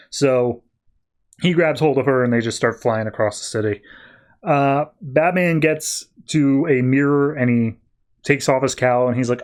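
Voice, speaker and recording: A man hosting a podcast, recapping comic books as quick, enthusiastic storytelling. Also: medium pitch. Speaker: podcast host. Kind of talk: casual comic book recap.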